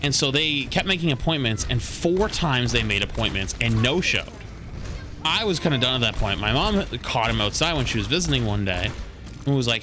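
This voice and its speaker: A man's voice: medium pitch, animated, moderate pace, music in the background. Man heatedly telling a story. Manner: heated, profane retelling. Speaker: streamer. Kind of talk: casual storytelling.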